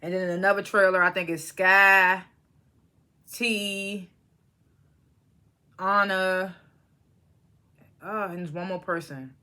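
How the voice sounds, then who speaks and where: Young adult reality show reviewer, blunt, salty and rambling, with a bright, edgy voice at a mid pitch. Casual vlog commentary, not polished. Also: fairly even intonation, slow, long pauses. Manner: blunt, opinionated, profane; rambling with restarts and asides.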